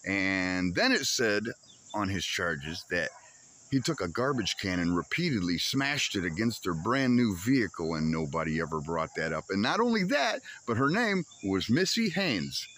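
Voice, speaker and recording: A man's voice: low voice, normal speed, a little hiss or hum. A man casually telling a frustrated story on his homestead vlog, swearing freely and acting out back-and-forth exchanges. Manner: animated, swears freely, acts out quoted exchanges. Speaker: homesteading vlogger.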